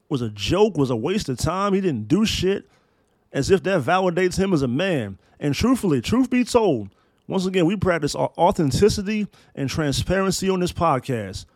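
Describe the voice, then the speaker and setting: A man's voice: fairly high pitch, dry recording. A man in his thirties hosting a solo podcast, talking in emphatic, profane, preacher-like build-ups. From Maryland, US. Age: 30s. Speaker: podcast host.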